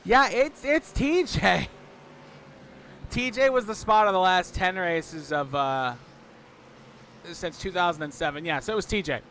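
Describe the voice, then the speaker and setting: A male race commentator with a high, bright, cutting voice. He chats casually over the action, and his storytelling builds quickly into excitement. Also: a little hiss or hum. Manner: excitable storyteller, voice jumps up when thrilled.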